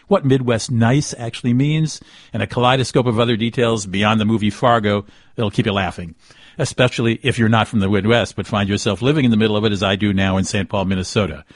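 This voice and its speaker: A man hosting a radio travel show, talking in a relaxed conversational way with small hesitations. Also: lowish voice, no room sound, clean studio sound. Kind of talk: radio interview and read sponsor spot.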